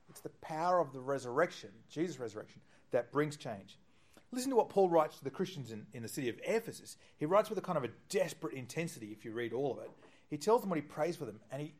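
Animated male preacher. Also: medium pitch. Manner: animated, quoting with shifts between hushed and loud. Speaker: pastor. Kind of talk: sermon.

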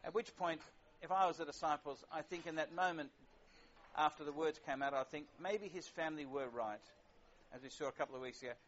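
Man preaching, slightly high voice. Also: fairly quick, a bit bright, slight background noise. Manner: conversational, wry, with frequent fillers. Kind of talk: sermon. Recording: lo-fi dull sound.

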